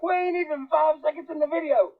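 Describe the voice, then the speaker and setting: A man's voice: very high-pitched, fairly even intonation, quick pace. A man delivering a crude, mocking roast, heckling and swearing, heard as a tinny played-back clip. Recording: tinny phone-like playback.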